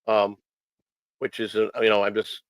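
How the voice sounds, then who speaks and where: A man's voice: lowish voice, monotone, moderate pace, clean tone, no echo, low-quality recording. A man hosting a casual morning stream show, rambling earnestly with many repeats and restarts. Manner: earnest and emotional.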